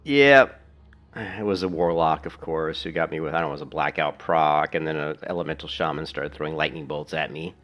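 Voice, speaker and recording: A man's voice: extremely low pitch, fairly quick, fairly bright tone. A man chatting casually while playing a game, rambling, laughing often and swearing now and then. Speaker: gaming streamer. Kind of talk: casual gameplay commentary.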